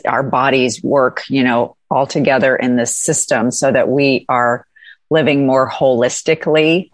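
A middle-aged woman hosting a podcast, chatting casually with a guest and dropping quick agreeing comments and animated asides. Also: a bass voice. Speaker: podcast host. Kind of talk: casual chat.

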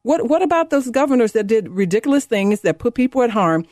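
A woman in her fifties hosting a talk radio show, delivering a fired-up, sarcastic monologue that climbs high when she gets indignant. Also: sing-song, brisk, a little mellow, no echo, clean studio sound. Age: 50s. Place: radio studio. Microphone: studio microphone.

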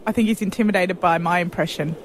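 A woman's voice: lowish voice, fairly even intonation, quick pace, slight background noise. A woman co-hosting breakfast radio, trading teasing, witty remarks. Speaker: radio co-host.

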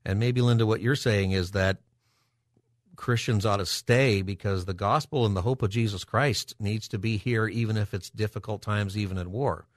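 A man hosting a call-in radio show, thinking aloud and halting with ums and restarts. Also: fairly low pitch, fairly even intonation, no echo, clean studio sound.

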